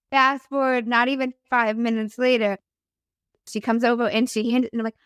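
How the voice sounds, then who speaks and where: A young woman tells a story in a relaxed chat, swearing freely and playing out each quoted line. Her voice is smooth and clear. The sound is close and dry. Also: a little high, brisk, no room sound. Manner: animated, profane, acts out quotes. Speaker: podcast host telling her story as guest.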